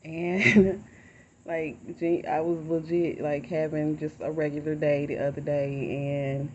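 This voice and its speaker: A woman talking candidly in a personal vlog, rambling and heartfelt. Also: sits low. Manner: rambling, heartfelt, soft-spoken. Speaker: vlogger. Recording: dull lo-fi audio with loud insect noise.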